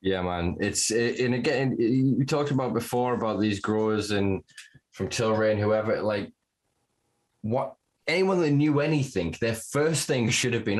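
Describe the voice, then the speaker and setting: A man talking as a podcast guest in casual conversation, ranting with lots of swearing and dark laughter. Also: lowish voice, a little slow. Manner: animated, profane ranting; laughs to cope.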